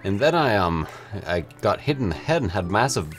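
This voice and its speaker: Lively young man, casual game chat. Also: brisk, faint music behind. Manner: joking, swearing, swoops between low drawl and excited highs. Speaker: let's play co-host.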